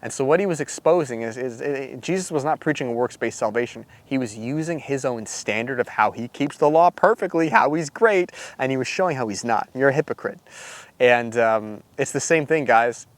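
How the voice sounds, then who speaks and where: A man who coaches Christian men, giving a casual, preachy talk to camera. He is animated and full of fillers and rhetorical asides. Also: medium pitch, moderate pace, no room sound.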